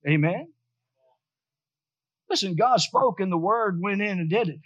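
Male pastor, high voice, fervent call-and-response sermon, slightly dull sound. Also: animated, measured pace. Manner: preaching with rising fervor and call-and-response.

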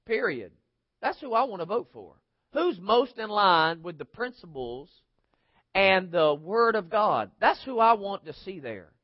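A man's voice: high voice, dry recording, dull audio. A man preaching a sermon in an emphatic, conversational way, asking the congregation rhetorical questions. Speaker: pastor.

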